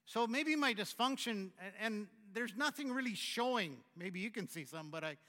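A man preaching a sermon as the pastor, talking conversationally with halting restarts and swinging from loud to hushed. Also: high-pitched, lively intonation, in a large hall.

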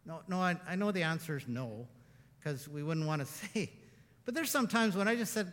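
Bright-voiced man preaching in an echoey hall. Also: high-pitched, fairly quick. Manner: swings from hushed tender passages to loud impassioned preaching, frequent laughs. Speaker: pastor. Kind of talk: sermon.

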